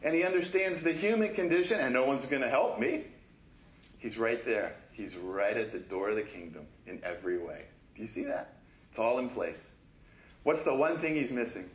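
A man preaching a sermon in a conversational, animated way, acting out quoted voices and laughing often. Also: medium pitch, moderate pace, echoey room, poor audio. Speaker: pastor. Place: church sanctuary.

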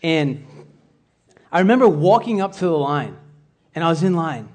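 This is a man with a slightly higher voice, giving a relaxed, chatty sermon. He talks like he is catching up with friends, drifting into side stories and starting his sentences over. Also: moderate pace. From United States. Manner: chatty, rambling with asides and restarts. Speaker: church speaker. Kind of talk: casual conversational sermon.

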